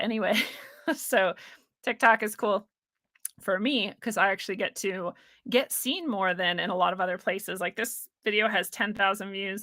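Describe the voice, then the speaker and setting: A woman's voice: mid-range voice, sharp tone, no room sound, studio quality. Blunt profane woman ranting to camera. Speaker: video blogger. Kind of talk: casual ranting talk to camera.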